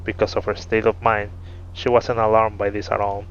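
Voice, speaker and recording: A man reading a fantasy story aloud in a steady narrating voice, in a muffled recording. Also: fairly low pitch, normal speed, a little hiss or hum. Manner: steady narration, laughs between chapters. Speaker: story reader. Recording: muffled with faint music.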